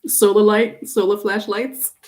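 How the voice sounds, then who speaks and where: A woman's voice: medium pitch, level tone, measured pace, a little mellow. A middle-aged woman talks casually through a tarot livestream from home. Her delivery is chatty and loose. She circles back over her points and laughs often. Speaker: tarot reader.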